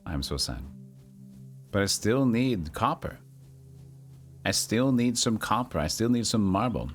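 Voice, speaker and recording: Low-voiced guy streaming a game, talking to himself, bouncy pitch, faint game music behind. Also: unhurried. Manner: relaxed, muttering thoughts aloud.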